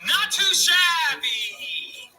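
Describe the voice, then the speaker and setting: Drawly slow announcer voice, a guy putting it on, big swoopy pitch, hammy catchphrase style, cafe music going. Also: lively intonation, background noise, heavily acted. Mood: mock-impressed. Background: music playing in a cafe.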